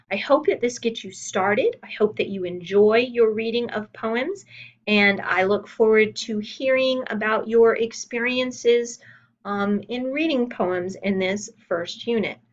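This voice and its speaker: Woman teacher giving a measured recorded lecture. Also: a little high, fairly bright tone, lo-fi sound. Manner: measured, explanatory, with occasional fillers and self-corrections. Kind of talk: recorded lecture reading from slides.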